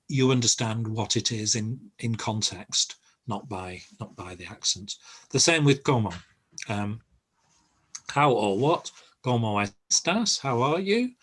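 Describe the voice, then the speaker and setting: An older man who teaches an online group language lesson over a video call and explains patiently, with many pauses. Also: on the low side, fairly bright tone, slightly rough.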